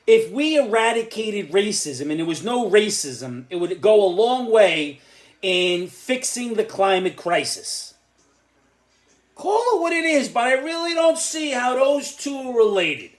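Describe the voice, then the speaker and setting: Angry older Irish ranting voice. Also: medium pitch. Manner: angry, exasperated, sometimes shouting. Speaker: commentator. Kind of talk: ranting opinion monologue.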